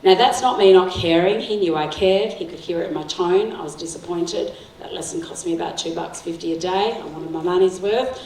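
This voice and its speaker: A guest speaker at a school hall, this middle-aged Sri Lankan woman talks to parents in a fairly low voice, moving briskly with few pauses. Her storytelling is warm, full of laughter and questions of "right?" to the crowd. The hall is echoey, the mic sits at a distance, and there is slight background noise.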